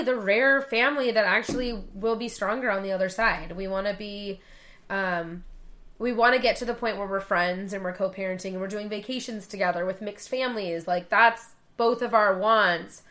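A woman's voice: mid-range voice, fairly bright tone. A woman in her thirties co-hosting a casual podcast chat, swearing freely and acting out what others said with big jumps in her voice. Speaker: podcast co-host.

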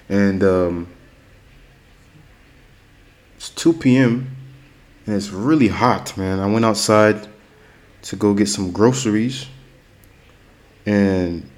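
Low-ish American male host from Florida, chatty and slow, repeats words for learners. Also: a little mellow. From Florida, United States. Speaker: host teaching English. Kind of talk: casual language-learning monologue.

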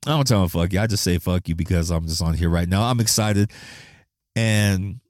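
Blunt, profane man with a lowish voice. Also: a little fast, dry recording, clean studio sound. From Flagstaff, Arizona, USA. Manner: blunt, profane, animated, laughs often. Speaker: podcast host. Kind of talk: casual monologue.

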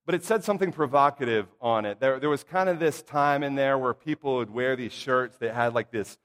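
A middle-aged man preaching a sermon to his congregation, telling childhood stories in a folksy, humorous way with lively asides. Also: medium pitch, a little fast. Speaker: pastor or church minister. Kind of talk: casual storytelling sermon. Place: church sanctuary. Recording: long hall reverb.

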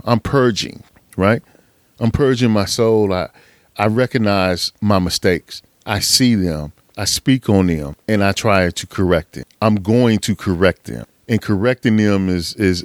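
A man's voice: deep voice, no echo. Profane, fired-up man preaching on a podcast. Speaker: podcast host. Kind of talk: motivational monologue.

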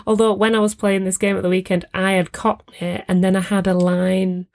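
A woman's voice: mid-range voice, flat delivery, moderate pace, darkish tone. A woman co-hosting a podcast in casual chat, teasing and chatty, laughing easily. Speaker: podcast co-host.

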